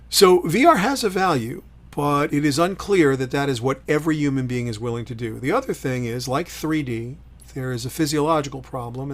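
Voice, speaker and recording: A middle-aged man hosting a solo livestream, talking in an opinionated, emphatic way, swinging between loud punchy lines and quiet asides. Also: medium pitch. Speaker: host.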